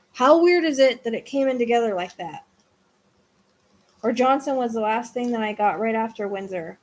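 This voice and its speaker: A woman doing a live-streamed psychic reading, excitable, swinging between hushed asides and loud exclamations. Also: fairly high pitch.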